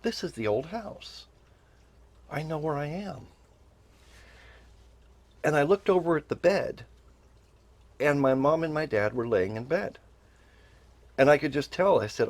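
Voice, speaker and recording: Earnest man with a lively voice. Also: mid-range voice, unhurried, long pauses. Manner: earnest, emotional, repeats phrases, rises to pleading. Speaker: podcast host telling a personal story. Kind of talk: emotional first-person storytelling.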